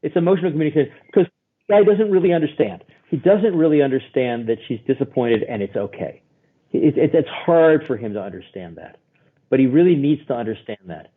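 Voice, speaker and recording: A man, a guest therapist, explaining in an animated storytelling way and acting out the voices he quotes. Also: mid-range voice, fairly quick, slightly rough. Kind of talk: expressive explaining. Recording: tinny phone-like line.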